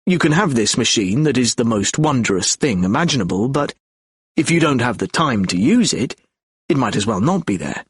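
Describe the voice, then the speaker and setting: A man's voice: mid-range voice, very animated, normal speed, husky, no echo. A man reading an audiobook of lecture transcripts in a reflective, argumentative lecture tone. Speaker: audiobook narrator.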